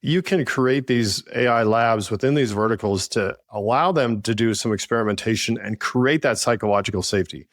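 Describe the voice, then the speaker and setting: A man's voice: on the low side, normal speed, few pauses, no echo, studio quality. A man co-hosting a business podcast, talking earnestly and telling stories from his work as a leader. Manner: earnest, storytelling with frequent "I think". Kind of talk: casual conversational podcast chat.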